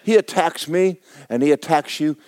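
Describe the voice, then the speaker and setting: A pastor preaching a folksy, playful sermon to his congregation, now and then breaking into shouted praise. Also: on the high side, normal speed, a faint crowd. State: injured foot, sitting while preaching.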